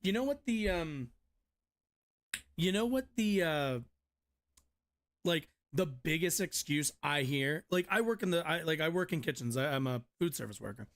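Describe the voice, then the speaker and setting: A man's voice: on the high side, expressive, moderate pace. Profane rambling male streamer. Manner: profane, rambling, frequent restarts. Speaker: streamer reading and reacting to news. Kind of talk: casual commentary.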